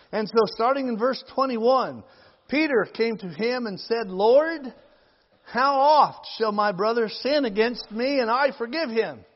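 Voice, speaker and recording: A man preaching a sermon, reading scripture slowly and rising to loud, emphatic appeals to the congregation. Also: extremely high pitch, big-room sound, dull audio.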